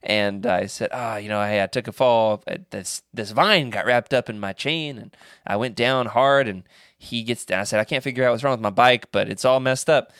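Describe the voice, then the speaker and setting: A man's voice: mid-range voice, moderate pace, clean tone, dry recording, clean studio sound. A man co-hosting a casual podcast, rambling through stories with restarts and acting out the people in them. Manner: rambling anecdotes with restarts and animated quoted voices. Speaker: podcast co-host. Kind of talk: casual chat.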